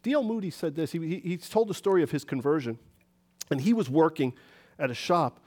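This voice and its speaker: A man from New City, preaching a sermon in a church and acting out little conversations as he goes. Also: brisk. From New York City. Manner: animated, acts out conversations with rising pitch.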